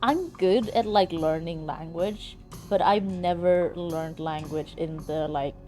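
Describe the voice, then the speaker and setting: Faint music plays behind a young woman streaming a game, her voice fairly low and her pace slow. She's animated and casual, swearing freely as she talks directly to her chat.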